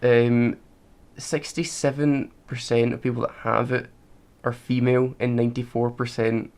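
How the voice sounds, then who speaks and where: Male podcast co-host, argumentative, mid pitch, casual chat. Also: little pitch movement, moderate pace, darkish tone. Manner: argumentative, reads out facts.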